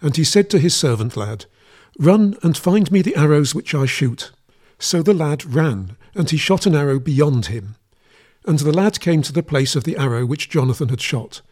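A man giving a steady, measured scripted reading of a Bible passage. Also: fairly high pitch. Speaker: scripture reader.

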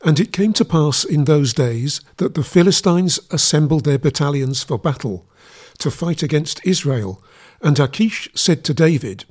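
A man reading scripture aloud in a measured, steady, reverent manner. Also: a little high, breathy edge. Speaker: Bible reader.

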